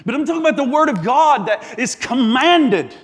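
A man's voice: very high-pitched, lively intonation, moderate pace, in a large hall. A man, a pastor preaching a sermon in a church, impassioned, stacking repeated phrases and stumbling through restarts.

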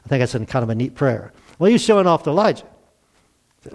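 A man's voice: medium pitch, big pitch swings, quick pace, vocal fry. A man in his sixties preaching a conversational sermon, acting out the dialogue and chuckling now and then.

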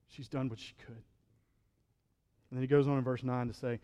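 A man's voice: medium pitch, fairly even intonation, a little fast, pauses often, warm tone, long reverb tail. A male pastor preaching a sermon in a conversational style, acting out quotes and building to fervent peaks.

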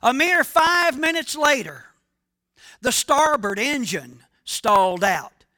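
A man's voice: extremely high pitch, big pitch swings, takes it slowly, sharp tone. A male pastor preaching a sermon, speaking emphatically and asking his congregation questions.

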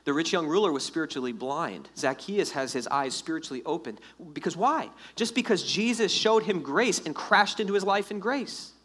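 A man preaches a sermon with a slightly high voice, talking to the congregation like a friend. He is animated and casual and acts out the lines he quotes. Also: normal speed, few pauses, husky. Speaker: pastor.

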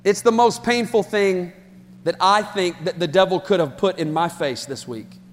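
A man preaching a sermon as pastor, impassioned and building to shouts. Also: high-pitched, moderate pace, slight background noise. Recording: long hall reverb with faint music.

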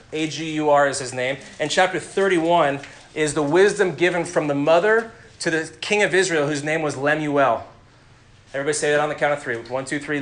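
A man teaching a Bible class, lively and interactive, quizzing his listeners and calling on them by name. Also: fairly high pitch, echoey room.

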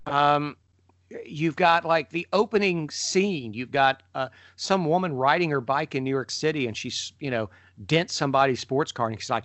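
A middle-aged man co-hosting a podcast, telling stories in a lively way and jumping up in pitch when he mimics people. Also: normal speed, no echo. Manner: animated storyteller, mimics voices with sudden pitch jumps. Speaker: podcast co-host. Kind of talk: casual conversation.

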